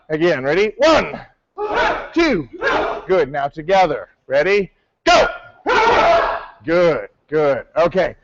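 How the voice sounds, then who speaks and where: A man's voice: high voice, lo-fi sound, very noisy. A male martial arts instructor teaching a class, calling out counts and coaching his students. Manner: barks counts, coaching and correcting.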